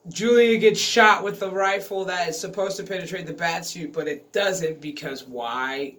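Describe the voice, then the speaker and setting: A man's voice: a little high, pushed and bright, a little hiss or hum. A man vlogging a casual, profane review of a TV episode, exasperated and swearing freely.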